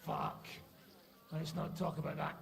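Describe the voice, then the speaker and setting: An actor playing a foul-mouthed, gruff male mercenary in a game, crude and swearing. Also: fairly high pitch, little pitch movement, measured pace.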